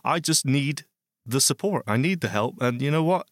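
A man co-hosting a podcast, chatting casually and teasing with quick one-liners. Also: medium pitch, lively intonation, no echo, studio quality. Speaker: podcast co-host. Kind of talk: casual chat.

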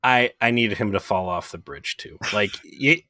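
A man's voice: fairly low pitch, normal speed, pushed and bright, dry recording, studio quality. A man co-hosting a podcast, recapping a TV episode in rambling, profane, joking casual chat. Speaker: podcast co-host.

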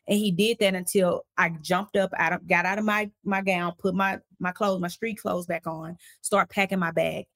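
A woman, an interview guest, recounting a personal story in a casual, animated way and acting out the voices of the people in it. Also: lowish voice, moderate pace, few pauses. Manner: animated, acts out quoted voices while recounting events; casual, conversational phrasing.

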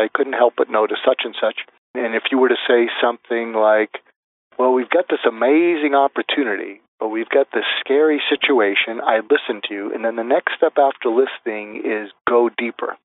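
A man's voice: mid-range voice, normal speed. Man explaining steps over a phone line. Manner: methodical, lists numbered steps, acts out example phrases. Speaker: guest expert. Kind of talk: interview answers, explaining step by step. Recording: tinny phone-like line, dry.

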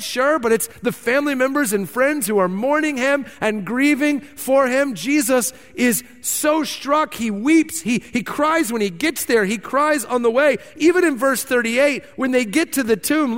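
A man preaching a sermon as pastor, emphatic and animated, repeating words for stress. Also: very high-pitched. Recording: long reverb of a large hall.

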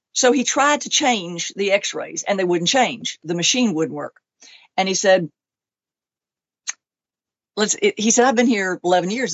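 Animated woman telling a personal story. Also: mid-range voice, no room sound. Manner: animated, acts out other people's lines; emotional, close to tears at times. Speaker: interview guest. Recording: dull, lo-fi dry recording.

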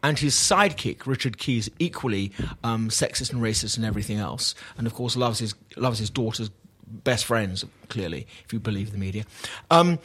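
A man's voice: fairly low pitch, expressive, normal speed, few pauses, fairly bright tone, breathy edge. Wry storytelling man. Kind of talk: casual chat about football.

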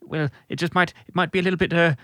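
A man's voice: a little high, fairly even intonation, quick pace, a bit bright, no room sound. An actor playing a mild, hesitant co-host who halts and restarts his sentences.

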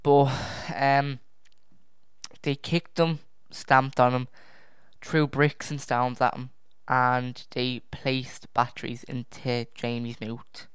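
Young true crime podcast host, casual and easily distracted, clear voice, dry home mic. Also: mid-range voice, level tone, slow pace, no room sound. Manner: rambling, self-correcting, easily distracted; sighs and drops to a near whisper at times. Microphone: own podcast microphone.

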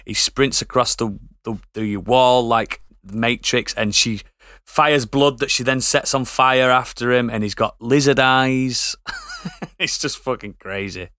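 A man co-hosts a relaxed gaming podcast, chatting loosely and laughing between thoughts. His voice is bright and forward. The sound is dry and close. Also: medium pitch, a little slow, dry recording. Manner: laughs often, stammers into restarts. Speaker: podcast co-host. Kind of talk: casual chat.

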